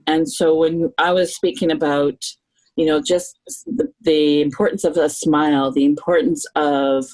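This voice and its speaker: A middle-aged Canadian woman with a notably low voice talks as a podcast guest. Her delivery is earnest and reflective. She thinks aloud and often circles back to restart a sentence. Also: fairly even intonation, measured pace, darkish tone, low-quality recording.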